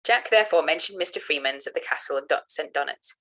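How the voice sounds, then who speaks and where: A woman with a somewhat low voice reads an old gothic novel aloud. Her delivery is careful and steady, and she stumbles on a word now and then before correcting it. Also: fast talker. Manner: careful reading with small slips and self-corrections. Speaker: reader of a novel.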